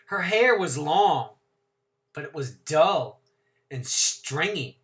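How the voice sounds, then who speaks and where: A man teacher reading a novel aloud to his class, with expressive, dramatic emphasis. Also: fairly high pitch.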